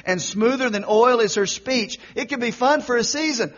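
High-voiced preacher, wide dynamic swings. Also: male voice, expressive, moderate pace, few pauses, lo-fi sound. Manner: preaching with big swings from loud exhortation to quiet intensity. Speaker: pastor. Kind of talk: sermon.

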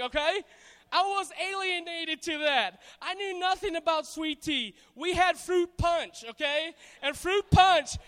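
A man from Hawaii preaching a sermon to a congregation, animated and playful, calling on the crowd to answer back. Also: very high voice. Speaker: pastor. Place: church hall. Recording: hall reverb.

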